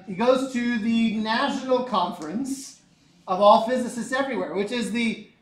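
A male teacher lecturing a class in a lively, joking way, often asking the students questions. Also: sits high. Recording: echoey classroom.

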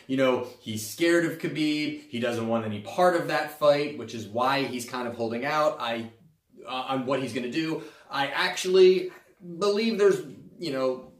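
A man's voice: medium pitch, distant mic. Man hosting a fight podcast, roomy. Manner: casual, loose talk with many fillers and restarts. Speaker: host. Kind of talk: sports betting podcast commentary.

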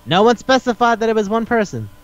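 A man's voice: high voice, very animated, quick pace, highs cut off. A man co-hosting a podcast who chats casually, recaps stories with energy, acts out quotes and swears freely. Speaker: podcast co-host. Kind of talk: casual chat.

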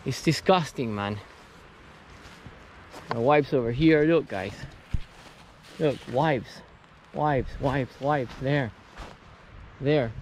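A man's voice: mid-range voice, slow, pauses often. Young guy ranting to his camera outside, fed up and exasperated, mid-range voice, bit of faint noise behind. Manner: frustrated, ranting. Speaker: vlogger. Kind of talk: outdoor vlog. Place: outdoors on a lake island.

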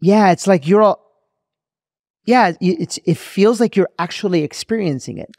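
A man's voice: sits high, moderate pace, darkish tone, dry recording, clean studio sound. A man hosting a podcast, reacting reflectively and searching for words in a casual interview. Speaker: podcast host.

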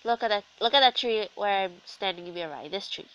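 A woman's voice: mid-range voice, a little fast, a bit bright, muffled recording, a little hiss or hum. A young woman with a sore throat from being sick, chatting casually and sarcastically as she commentates a video game. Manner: chatty, self-deprecating, sarcastic asides. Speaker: gaming commentator. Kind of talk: casual let's-play commentary.

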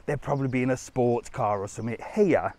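A chatty man walks through a resort town talking to his live-stream viewers on a phone mic. His voice sits at an ordinary middle pitch, and he rambles loosely between asides, laughing easily as he goes. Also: fast. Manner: drops to a hushed whisper indoors. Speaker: travel vlogger streaming live. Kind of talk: casual live-stream walking tour. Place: outdoors in a resort town, walking.

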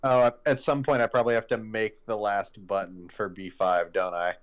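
A man with a somewhat low voice talks through a horror game on a live stream. He reacts to what he sees, thinks aloud and swears freely in casual chat. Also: level tone, normal speed.

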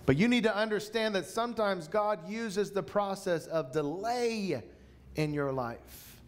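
A man, a pastor, preaching a sermon to a church congregation in an emphatic way, slowing down to repeat key lines. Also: high-pitched, expressive.

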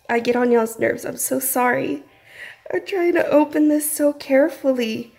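A woman's voice: high voice, gravelly, a little mellow. A woman, gushing as she unboxes crafts in a casual home vlog. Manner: effusive, gushing. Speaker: craft vlogger.

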